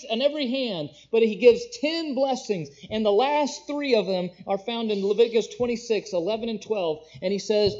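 High-voiced preacher, swelling and dropping. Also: male voice. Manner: swells loud and high on key phrases, drops low and quiet between; slows down to read scripture in older-style wording. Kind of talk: sermon. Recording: dull, lo-fi sound.

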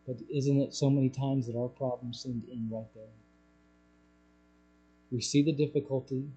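A man preaching a sermon as pastor, growing loud and emphatic on key points. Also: flat delivery, normal speed, dull audio. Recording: low mains hum.

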